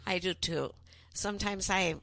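An older woman reading her own memoir aloud in a gentle, unhurried storytelling way, then chatting about it. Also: medium pitch, fairly even intonation, dry recording. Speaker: author.

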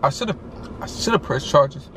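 A man's voice: a little high, moderate pace, slight background noise. A man telling a story casually while eating, acting out each quote with loose, filler-filled chat. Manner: animated, acts out every quote; loose, chatty, many fillers. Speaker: vlogger.

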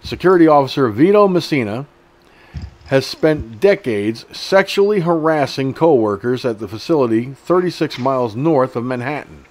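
A man's voice: medium pitch, lively intonation, moderate pace. A middle-aged man hosting an online news show, reading an article aloud and breaking off into blunt, profane, indignant commentary.

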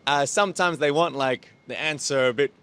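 A man's voice: fairly high pitch, brisk, fairly bright tone, smooth. A young man from Australia with an Australian accent, chatting easily in a street interview and laughing often. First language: English. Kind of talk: casual interview answers.

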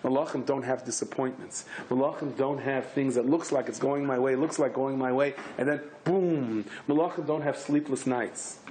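A man, a rabbi, giving a lively Torah class in English mixed with Hebrew and Yiddish words, with sudden high, emphatic bursts. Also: moderate pace, few pauses, slight background noise.

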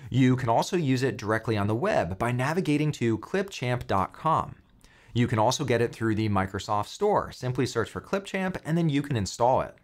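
A man hosting a software tutorial, walking through steps in an upbeat, explaining way with light jokes. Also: medium pitch, expressive, moderate pace. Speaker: tutorial host.

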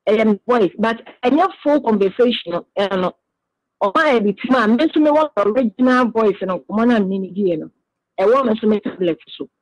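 A woman's voice: mid-range voice, animated, normal speed, dry recording, dull audio. A woman being interviewed on the radio, earnestly explaining her side at length.

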